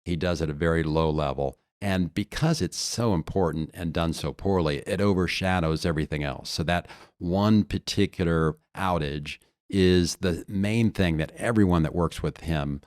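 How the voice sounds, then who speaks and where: A man's voice: deep voice, normal speed, hardly any pauses, a little mellow, dry recording, clean studio sound. A man coaching on leadership in a podcast conversation, earnest and explaining through stories and analogies.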